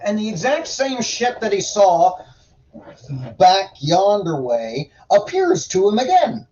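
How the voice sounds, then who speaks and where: Slow, profane man reading aloud. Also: high-pitched, big pitch swings, a little mellow, distant mic, lo-fi sound. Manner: profane, sarcastic, drawling. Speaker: livestream host reading scripture aloud. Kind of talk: irreverent reading with commentary.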